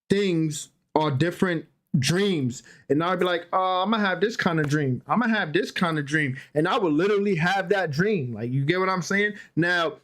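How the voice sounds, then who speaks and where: A young man on a podcast telling a story in a loose, slangy way, repeating filler phrases as he goes. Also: fairly high pitch. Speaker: podcast co-host. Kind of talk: casual storytelling.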